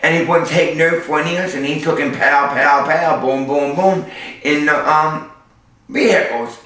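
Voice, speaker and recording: A man's voice: a little high, moderate pace, bright, forceful tone. A man who works as a street performer, telling stories in an interview in a sassy way and using sound effects. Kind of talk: storytelling interview. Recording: echoey, mic far off.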